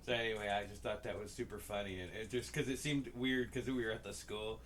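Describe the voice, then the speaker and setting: A man's voice: on the low side, steady tone, fairly quick, fairly bright tone, a little hiss or hum. A man co-hosting a podcast, telling casual rambling stories full of swearing and acted-out dialogue. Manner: profane, rambling, acts out quoted dialogue. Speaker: podcast co-host. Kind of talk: casual storytelling chat.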